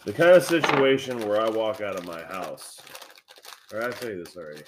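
A man's voice: lowish voice, sing-song, a little fast, very noisy. Foul-mouthed man telling a story. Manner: storytelling, swears freely, laughs often. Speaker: podcast host. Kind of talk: casual profane chat.

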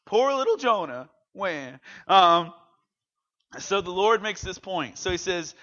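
High, bright-voiced male youth preacher. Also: slow pace, lo-fi sound. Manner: conversational, animated, acts out quotes. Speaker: youth pastor. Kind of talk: casual youth sermon.

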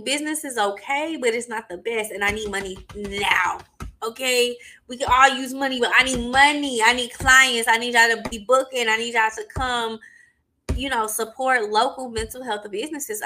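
Emphatic woman with bright, forceful voice. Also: a little high, a little hiss or hum. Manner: emphatic, repetitive, conversational with frequent "okay?" and "y'all". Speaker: podcast host and mental health business owner. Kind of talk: casual solo podcast talk.

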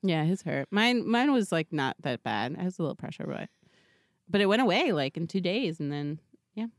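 Lively, laughing mom telling a story. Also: female voice, fairly low pitch, normal speed, no echo, studio quality. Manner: animated, swears, laughs often, acts out her toddler. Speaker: podcast co-host, a mom. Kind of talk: casual chat, storytelling.

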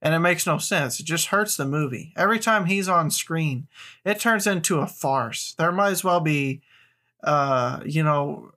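A man talks through a casual movie chat, his voice sitting a touch higher than most men's. He's blunt and rambling, often restarting his sentences. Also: measured pace, sharp tone. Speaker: podcast host.

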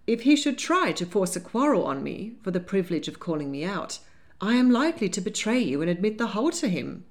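A woman's voice: medium pitch, sing-song, fairly quick, natural voice. A woman voicing a dandyish young duke who talks in a flowery, mock-dramatic way. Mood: theatrical. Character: dandyish young duke, theatrical and self-mocking.

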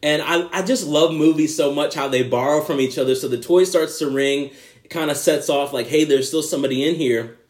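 A man's voice: on the high side, moderate pace, roomy sound. A man hosting a podcast, telling a film's plot in a rambling, enthusiastic way with asides to his listeners. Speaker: podcast host. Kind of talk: casual movie review.

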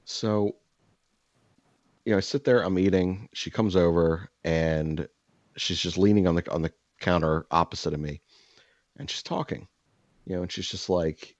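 Low-voiced male storyteller, animated and profane, recorded dull and lo-fi. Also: moderate pace, pauses often, dry recording. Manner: animated, profane, acts out dialogue. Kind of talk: personal storytelling monologue. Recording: dull, dry lo-fi sound.

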